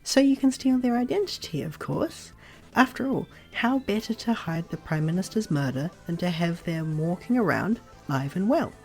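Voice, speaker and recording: A woman playing a former streamer, handing out absurd advice in a deadpan, matter-of-fact way in a comedy audio drama. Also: fairly low pitch, moderate pace, soft background music.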